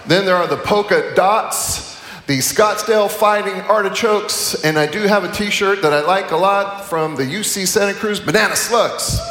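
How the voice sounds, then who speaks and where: A man's voice: high-pitched, normal speed, a bit bright. Middle-aged man preaching in an echoey hall. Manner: conversational, self-correcting, humorous asides. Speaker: chapel speaker. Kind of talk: sermon. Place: large chapel hall. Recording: echoey hall, distant mic.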